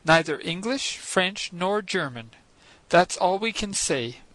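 Bright-voiced male audiobook narrator. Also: high-pitched, animated, takes it slowly, no room sound, rough recording. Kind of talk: scripted first-person narration.

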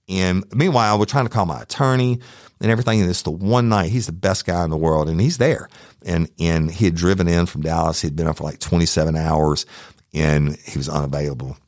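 Deep-voiced guy on his crime podcast, cussing his way through a story, dry mic. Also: brisk, dry recording. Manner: profane, heated, animated retelling. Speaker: true crime podcast host. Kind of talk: storytelling, casual monologue.

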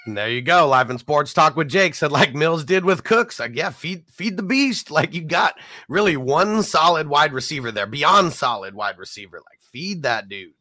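A man's voice: fairly high pitch, lively intonation, normal speed, hardly any pauses, pushed and bright, no echo. A man hosting a casual fantasy football show, chatty and full of stats and fillers. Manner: chatty, stat-heavy, filler-laden. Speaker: fantasy football podcast host. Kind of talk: casual sports chat.

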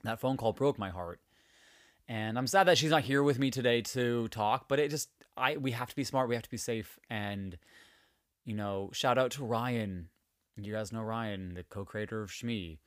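A man's voice: medium pitch, normal speed, clear, resonant tone, no echo, studio quality. A man hosting a podcast in a candid, emotional monologue, swearing freely as he rants. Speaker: podcast host. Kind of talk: casual podcast chat.

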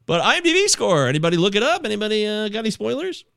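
A male podcast host in loose, casual chat who reacts loudly to what he reads. His voice sits high and swings widely in pitch. The sound is dry, with no room around it. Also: rapid-fire, gravelly, no room sound. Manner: animated, reads reviews aloud with big reactions.

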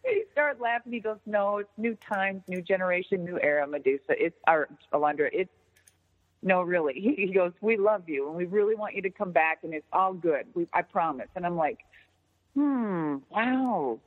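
A woman telling a story in casual chat, animated and profane, often jumping into an excited high voice. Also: brisk. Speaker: podcast guest. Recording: tinny phone-line sound with long reverb.

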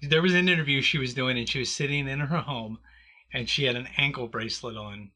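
A man's voice: medium pitch, fairly quick, sharp tone. A man sharing gossip in a casual, matter-of-fact conversation. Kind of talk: casual chat.

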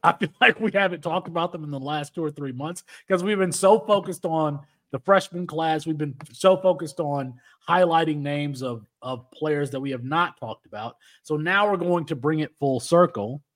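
A man's voice: a little high, normal speed, few pauses. A man hosting a sports podcast in casual chat, rambling with many restarts. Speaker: podcast host.

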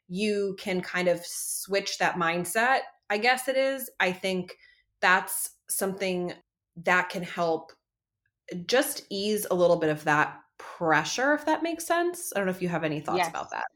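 A woman's voice: fairly low pitch, animated, measured pace, fairly bright tone. A woman in her thirties hosting a casual parenting podcast, chatty with many fillers and restarts. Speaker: podcast host.

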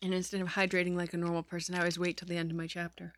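Brief: woman streamer reading a story, chatty and self-deprecating, lowish voice. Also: completely flat delivery, racing, a bit bright. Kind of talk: reading a novel aloud with chatty asides.

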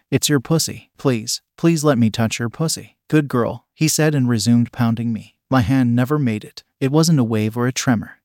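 A man's voice: mid-range voice, darkish tone, dry recording. Man reading an adult story, dry sound. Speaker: story narrator.

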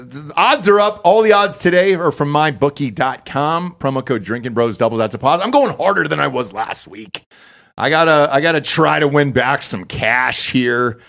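A man's voice: mid-range voice, a bit bright. Brash, profane male podcast host. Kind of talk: casual sports betting chat.

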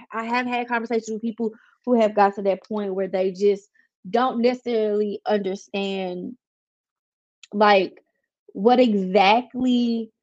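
A woman hosts a personal podcast in a candid, confiding way, now and then reading passages aloud from a book. Her voice sits at an ordinary middle pitch. The recording sounds a little dull and lo-fi. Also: darkish tone. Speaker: podcast host. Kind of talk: casual personal podcast talk.

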